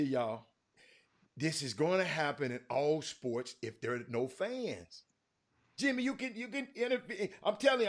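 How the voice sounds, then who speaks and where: A man hosting a casual sports talk show, animated and calling his listeners y'all. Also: high-pitched.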